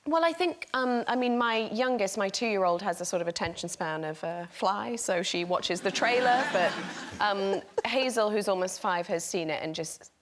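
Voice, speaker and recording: A woman's voice: medium pitch, expressive, normal speed, a little hiss or hum. A woman from England, a talk show guest telling rambling, self-deprecating stories and laughing often. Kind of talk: chatty anecdotes.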